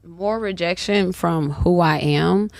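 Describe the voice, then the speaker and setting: A woman's voice: lowish voice, slow, creaky, crowd noise. A woman with a Southern accent, a podcast guest talking candidly and reflectively, repeating words for emphasis. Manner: earnest, reflective, emphatic repetition.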